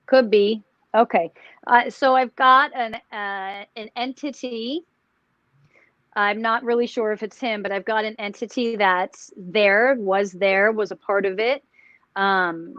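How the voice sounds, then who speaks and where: A woman psychic talks haltingly on a live paranormal show, restarting often as she fires off questions. Her pitch is ordinary. The audio is dry, dull and lo-fi. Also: a bit bright, dry recording. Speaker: psychic, remote viewer.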